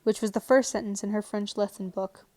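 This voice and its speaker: A woman narrating a storybook aloud in a calm, even read-aloud manner. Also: mid-range voice, a little fast, no echo. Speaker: audiobook narrator. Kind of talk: storybook reading. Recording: dry home recording. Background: faint television sound.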